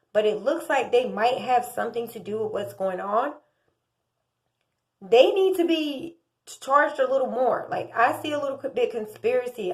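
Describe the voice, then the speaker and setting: A woman in her thirties from the United States speaks in a high, bright voice. She gives indignant, opinionated commentary and pushes her volume up as she makes her case. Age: 30s. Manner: impassioned, indignant, rising in volume. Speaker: true crime commentator.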